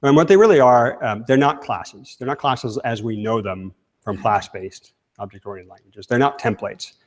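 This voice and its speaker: A man's voice: mid-range voice, moderate pace. A man giving a live technical talk, speaking casually and asking the audience questions. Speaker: conference speaker. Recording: long hall reverb.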